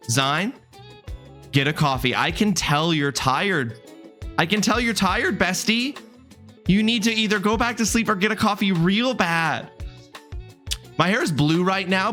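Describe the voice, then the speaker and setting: A man in his thirties talks casually through a live game stream, answering chat and greeting viewers one by one. His voice sits a little high and rings bright and forceful, with soft music faintly playing underneath. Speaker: livestreamer.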